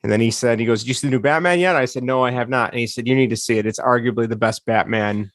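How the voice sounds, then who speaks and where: A man's voice: mid-range voice, fast talker, no room sound, clean studio sound. A man co-hosting a sports podcast, chatting casually and moving the show along. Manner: friendly, steers the show. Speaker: podcast co-host. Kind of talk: casual chat.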